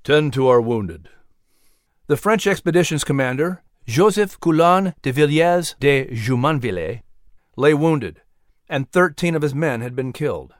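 A man narrating a historical storybook tale in a measured, dramatic scripted reading. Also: a little high, expressive, no room sound, clean studio sound.

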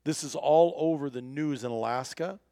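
Brief: male storyteller, slightly higher voice, animated and chatty, dry close mic. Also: normal speed, dry recording. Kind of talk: casual storytelling chat.

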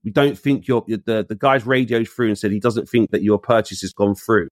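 A man's voice: on the low side, steady tone, fairly quick, no room sound, studio quality. A man, telling a story in casual conversation. He acts out the voices he quotes and uses street slang. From England. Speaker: guest.

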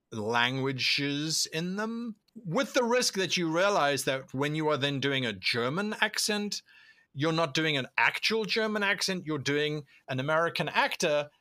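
A man being interviewed as a tabletop role-play video creator, explaining at length in an animated way and acting out the thoughts he quotes. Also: on the high side, no echo, clean studio sound. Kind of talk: conversational interview answers.

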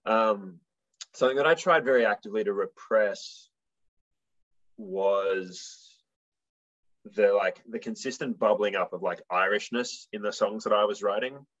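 A man's voice: on the low side, unhurried, a bit bright, lo-fi sound. A young man, a musician guest, telling stories in a casual, rambling way full of fillers. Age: young adult. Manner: rambling, filler-heavy storytelling. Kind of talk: casual interview chat.

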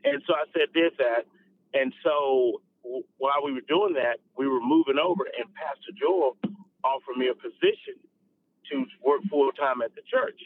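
A man, an associate pastor, tells his personal testimony in an animated way, often repeating and restarting his words. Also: medium pitch, normal speed, dry recording. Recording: dry, phone-like narrow sound.

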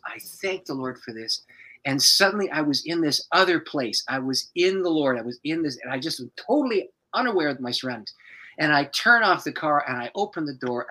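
Animated storytelling pastor, bright husky voice. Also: male voice, a little high, low-quality recording. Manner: dramatic, expressive storyteller who acts out the people in his stories.

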